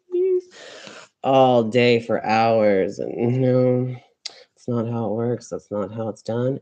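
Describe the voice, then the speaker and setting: A man's voice: mid-range voice, mellow. A young man rambling in a casual monologue while crafting, swearing freely and filling his talk with "um" and "like". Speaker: psychic vlogger.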